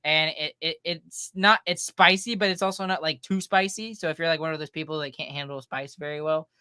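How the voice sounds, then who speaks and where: A man's voice: a little high, fairly even intonation, brisk, bright, forceful tone, clean tone, no room sound, studio quality. A man co-hosting a podcast who chats casually, laughs easily and often restarts his sentences. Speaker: podcast co-host. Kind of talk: casual chat.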